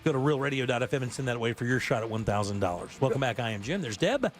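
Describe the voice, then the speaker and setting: A man hosting a casual radio show, joking brashly and bantering quickly. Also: medium pitch, lively intonation, soft background music. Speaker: radio host.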